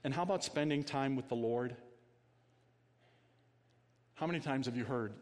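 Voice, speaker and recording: Male pastor, conversational sermon delivery, asks the congregation questions, goes quiet for emphasis; reverberant sanctuary sound. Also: mid-range voice, normal speed, pauses often.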